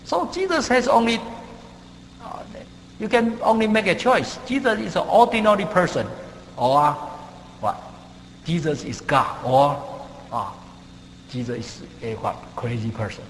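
A man preaching a sermon, halting with many fillers and non-native grammar, leaping up in pitch and volume for emphasis. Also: animated, a bit bright. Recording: long hall reverb, faint hum.

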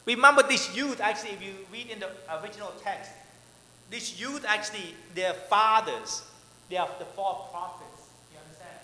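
A man preaching a chatty, story-filled sermon, his bright, forceful voice ringing through a large hall with a long reverb tail. He keeps asking "right?" and laughs now and then, sounding slightly high for a man. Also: moderate pace. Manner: conversational, repeatedly asks "right?", laughs often. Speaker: pastor.

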